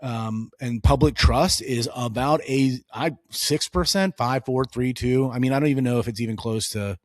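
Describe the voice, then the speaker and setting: A man's voice: mid-range voice, moderate pace, dry recording, clean studio sound. A man in his thirties co-hosting a casual political podcast, telling stories with lots of energy and acting out the dialogue. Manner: animated storytelling, acts out dialogue. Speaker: podcast co-host.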